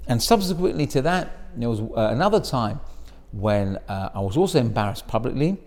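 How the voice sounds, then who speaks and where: A middle-aged man, a rabbi, telling a story in a sermon and acting out the voices of the people in it. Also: brisk. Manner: animated storyteller, acts out quoted voices in a higher pitch. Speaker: rabbi giving a Torah talk.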